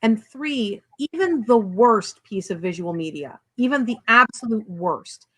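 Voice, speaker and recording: Animated woman author talking bluntly. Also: on the high side, unhurried, slightly rough, low-quality recording. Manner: blunt, animated, self-deprecating. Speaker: author guest. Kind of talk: casual video interview.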